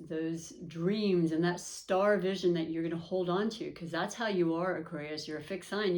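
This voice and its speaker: A woman's voice: low voice, darkish tone. A woman hosting an astrology and tarot reading, talking to viewers in a chatty, upbeat way with many fillers and restarts. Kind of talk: casual spoken reading to camera.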